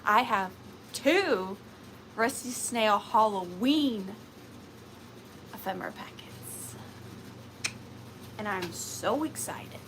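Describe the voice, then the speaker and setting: A woman's voice: medium pitch, expressive, slow, long pauses, background noise. A woman from Georgia, hosting a casual livestreamed vintage and antique sale. She chats in a rambling way, laughs often and uses lots of fillers. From Georgia, USA.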